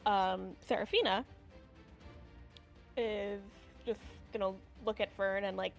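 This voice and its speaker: A woman's voice: mid-range voice, steady tone, slow, gravelly, soft background music. Chatty woman player in a tabletop game. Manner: casual, chatty, many likes and ums. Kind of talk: playing a tabletop game on a voice call. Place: home, online voice call.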